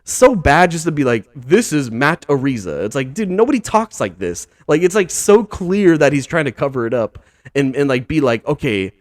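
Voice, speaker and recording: Recorded dry in clean studio sound, a man with a slightly high voice and big pitch swings hosts a casual podcast at a moderate pace. He rambles with disbelief and exasperation, constantly dropping "like", "dude" and "bro".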